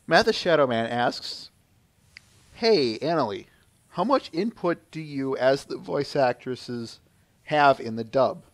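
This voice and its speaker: A man hosting an interview, reading out listener questions in a relaxed, low-key way. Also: slow, no room sound. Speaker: podcast host.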